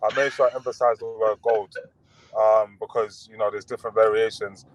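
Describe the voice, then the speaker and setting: A man chatting as a boxer guest on a podcast, relaxed and full of fillers and restarts. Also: on the low side, fairly quick, no echo, poor audio. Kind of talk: casual podcast interview.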